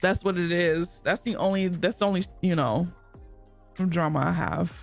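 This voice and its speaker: A woman's voice: lowish voice, normal speed, faint music behind. A young woman streaming a game, chatting casually in a blunt, profane way and laughing often.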